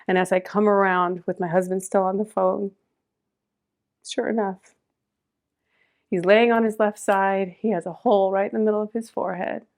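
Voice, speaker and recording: A middle-aged woman with a gravelly, fry-tinged voice recounts a personal story as a podcast guest. Her delivery swings between raised, urgent stretches and hushed, quiet ones, and her pitch stays at an ordinary middle level. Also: flat delivery, moderate pace, pauses often.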